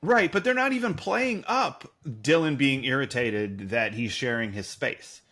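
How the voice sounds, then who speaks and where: A man's voice: medium pitch, expressive, measured pace, a bit bright. A man co-hosting a podcast, recapping a TV episode in rambling, sarcastic, profane casual chat. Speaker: podcast co-host.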